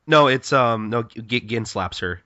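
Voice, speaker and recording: A man's voice: mid-range voice, expressive, a little slow, bright, forceful tone, no room sound, dull audio. A man co-hosting a podcast in casual chat, recapping a manga in a rambling, profane way and acting out characters' lines with lots of laughing. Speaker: podcast co-host.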